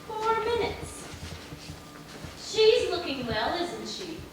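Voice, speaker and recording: A woman acting a wry, sharp-witted young secretary in a live stage play, with a dry delivery. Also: very high voice, very animated, takes it slowly, heavily acted. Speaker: stage actor. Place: theater stage. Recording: distant, echoey and noisy theater recording.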